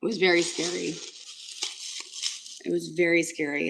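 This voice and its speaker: A woman's voice: on the low side, level tone, moderate pace, creaky, pauses often, low-quality recording. A young woman talking casually on a livestream, telling a story in an emotional, rambling way with lots of fillers. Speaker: livestream host.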